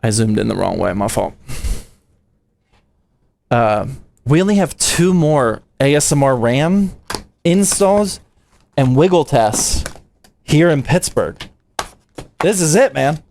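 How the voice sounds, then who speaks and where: A man's voice: medium pitch, expressive, slow pace, creaky, long pauses, a little mellow, slight background noise. A young man from the United States, a PC building streamer, chatting casually with his live chat in a slangy, playful way.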